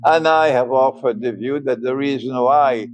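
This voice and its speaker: An older man giving a religious lecture, emphatic and deliberate, often breaking into chuckles. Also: medium pitch, poor audio. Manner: slow and deliberate, spelling out words. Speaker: Islamic scholar lecturing.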